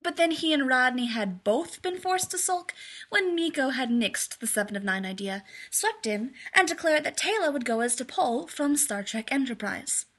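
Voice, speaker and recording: A woman narrating a fan fiction story aloud in a lively, amused way. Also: high-pitched, normal speed.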